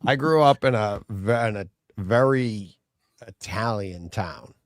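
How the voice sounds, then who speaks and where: A man with a somewhat low voice chats casually as co-host of a live show. He rambles easily, leaning on fillers. The sound is dry and close, with no room around it. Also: slow, dry recording.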